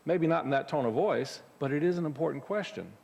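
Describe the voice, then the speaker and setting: Speaking a bit fast in a high, gravelly yet slightly mellow voice, a minister gives his congregation a conversational spiritual talk. He keeps restarting sentences and using fillers, and the sanctuary adds a long hall reverb.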